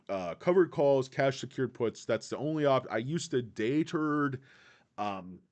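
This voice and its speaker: A man hosting a casual livestream, rambling in a laid-back way, answering chat and peppering his talk with "guys.". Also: mid-range voice. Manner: quotes film lines in put-on voices. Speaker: livestream host reading chat.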